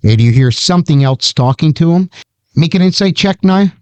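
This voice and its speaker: A man's voice: fairly high pitch, expressive, normal speed, a little mellow, dry recording. A man narrating as game master of a tabletop game, casual and calling for dice checks.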